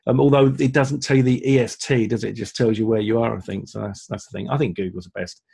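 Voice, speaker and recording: A man's voice: medium pitch, steady tone, quick pace, gravelly, warm tone, slightly rough. A man co-hosting a live online Q&A, reading out viewer comments and laughing easily. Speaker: webinar co-host. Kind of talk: live Q&A chat.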